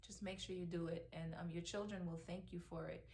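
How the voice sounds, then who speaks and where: A woman's voice: fairly low pitch, fairly even intonation, a little fast, darkish tone, slight background noise. A middle-aged woman, a mother, talking emotionally in a heartfelt personal vlog, with lots of ums and restarts. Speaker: mother vlogger.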